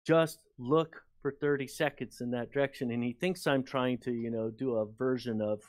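A man's voice: medium pitch, steady tone, moderate pace, a little mellow, dry recording, studio quality. A man, a guest author and researcher, telling a long anecdote in a casual, rambling way with many fillers. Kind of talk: casual storytelling in an interview.

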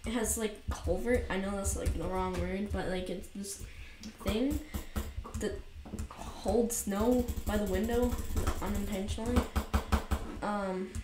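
A woman rambling through casual gameplay commentary, full of fillers and quick to get frustrated, recorded on a desk mic in a cold basement room. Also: mid-range voice, fairly even intonation. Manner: rambling, filler-heavy, self-mocking, easily frustrated. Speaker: gaming commentator. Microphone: new USB desk mic. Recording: roomy echo with noisy background.

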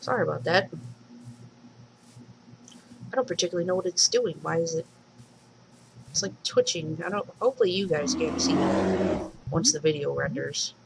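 A woman's voice: low-pitched, animated, moderate pace, gravelly, long pauses, slight background noise, low-quality recording. A woman casually commenting on her own game as she plays, chatting to the animals she meets and squealing when startled. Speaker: let's play host and mod maker.

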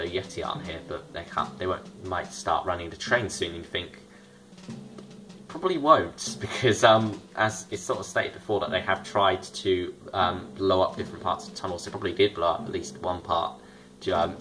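A young man talks through a review in a loose, rambling way, full of ums and "you know"s. His voice sits very low, and clear music plays behind him. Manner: rambling, many fillers and hedges. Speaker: show reviewer. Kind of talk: casual spoken review.

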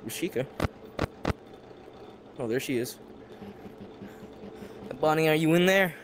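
A young man doing casual let's-play commentary, jumpy and swearing, muttering low and then yelping. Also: animated, takes it slowly, slight background noise. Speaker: gaming youtuber.

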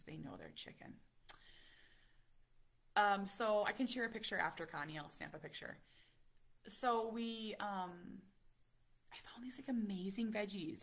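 A woman in her thirties chatting casually with live viewers, telling an animated story and saying "like" a lot. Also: fairly low pitch. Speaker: vlogger talking to live viewers.

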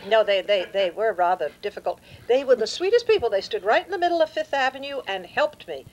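A woman, an actress, telling an animated anecdote as a guest on a live radio show in a studio, laughing as she goes. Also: on the high side, fast, lo-fi sound.

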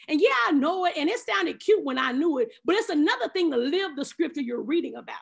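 High, lively woman sharing faith talk. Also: brisk, vocal fry. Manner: lively, preachy, laughs often, acts out her own thoughts. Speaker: speaker at an online faith round table. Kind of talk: casual devotional talk. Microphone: video call.

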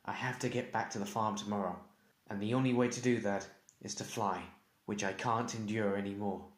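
A man reading as a wounded young farm boy, stranded and in pain, whose voice climbs as he pleads and argues. He sounds exasperated and strained, with a low-set base voice. The storybook reading carries a roomy echo. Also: steady tone, a little fast, natural voice. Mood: despairing. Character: young male farm boy, hurt and frustrated. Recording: echoey room.

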